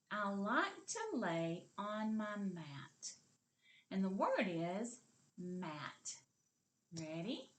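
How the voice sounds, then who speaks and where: A woman leads a kindergarten reading lesson at a slow, unhurried pace. Her pitch sits in the middle range. She is patient and encouraging and draws out each sound for the children to copy. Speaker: kindergarten teacher. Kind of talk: slow, clearly modeled lesson for young children.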